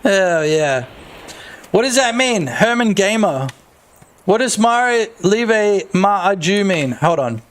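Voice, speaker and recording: A man in his thirties with an Australian accent, chatting loosely on a game dev stream, joking, swearing and breaking into loud shouts. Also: high-pitched, sing-song, takes it slowly. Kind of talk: casual live-stream chat.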